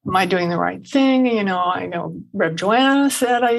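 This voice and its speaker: Woman with a gravelly voice, storytelling. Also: mid-range voice, lively intonation, normal speed, low-quality recording. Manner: gentle storytelling, frequent restarts and laughs. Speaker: podcast guest, author. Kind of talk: conversational interview.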